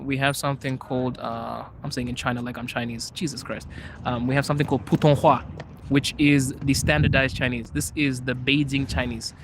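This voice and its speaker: Over a noisy background, a young Zimbabwean man hosts a casual live chat for his podcast, answering viewers' questions. His voice is mid-range, he laughs frequently, and he switches between English, Chinese and Russian.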